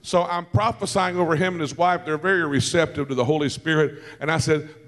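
A man preaching a sermon, telling stories with quick asides and laughter and calling out to the congregation. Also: on the high side, big-room sound. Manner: lively storytelling with asides and laughter; calls out to the congregation.

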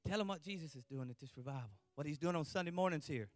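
A man preaching a fervent revival sermon, repeating refrains and letting out whooping shouts. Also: on the high side, quick pace, dry recording. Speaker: pastor.

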